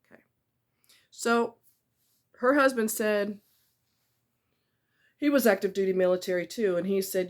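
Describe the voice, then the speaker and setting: A woman in a casual storytime vlog talks straight to her viewers in a candid, conversational way. She is blunt and emphatic and drives her points home by repeating them. Her voice sits at an ordinary middle pitch. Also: measured pace, long pauses. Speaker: vlogger telling a personal story.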